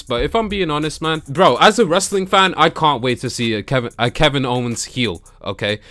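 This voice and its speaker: A young man recapping wrestling shows in a casual vlog, excitable and slangy, laughing often and mimicking the wrestlers. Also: mid-range voice. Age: young adult. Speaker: wrestling YouTuber. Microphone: camera that tracks him.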